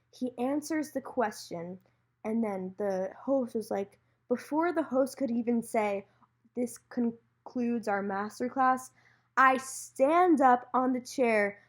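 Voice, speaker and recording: A woman's voice: a little high, breathy edge. A young woman hosting her own podcast, telling a story alone and acting out the lines of the people in it. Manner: animated storyteller, acts out quoted lines. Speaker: podcast host.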